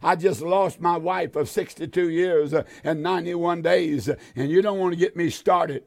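Fervent older man preaching, high voice. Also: steady tone, normal speed, vocal fry. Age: 80s. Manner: fervent pleading preaching with frequent "uh" fillers. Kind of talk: radio sermon.

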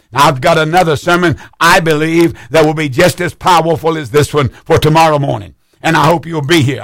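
A middle-aged pastor hosts a call-in radio show in a fervent, repetitive preaching cadence. His voice sits a little high for a man. The sound is dry and close, with no room around it. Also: a bit bright, no echo.

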